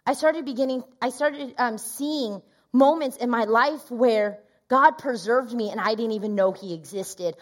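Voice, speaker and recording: Animated woman telling a sermon story. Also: on the high side, a little slow. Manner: animated storytelling, acts out quoted voices. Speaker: pastor. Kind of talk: sermon testimony.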